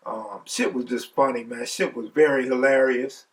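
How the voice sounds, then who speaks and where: A man's voice: medium pitch, animated, moderate pace, creaky, far from the mic. A man casually telling a personal story in profane, laid-back street talk.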